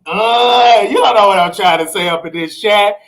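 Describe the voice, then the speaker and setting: A man's voice: high voice, fast, a bit bright, rough recording. A young adult man hosting a livestream gossip show, talking in a sassy, slangy, blunt way with dramatic asides to his chat. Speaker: show host.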